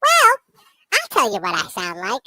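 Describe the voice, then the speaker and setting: A tiny, squeaky chipmunk guy talks in a very high, bouncy and bright voice. He draws his words out slowly. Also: wildly swooping pitch, no room sound, full character voice, low-quality recording. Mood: cheeky. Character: squeaky male cartoon chipmunk. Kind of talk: comedic impression.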